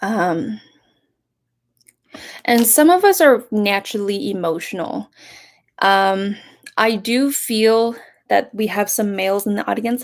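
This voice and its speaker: A young woman giving a casual live-stream reading, talking softly and rambling, breaking off to greet viewers with sudden excitement. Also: medium pitch, takes it slowly, long pauses. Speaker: live tarot reader.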